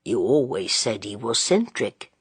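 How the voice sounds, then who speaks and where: A woman's voice: extremely low pitch, big pitch swings, a little slow, slightly rough, dry recording, pitched below the performer's own voice, exaggerated voice. Woman doing an easygoing young man. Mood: thoughtful. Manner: casual, cheerful.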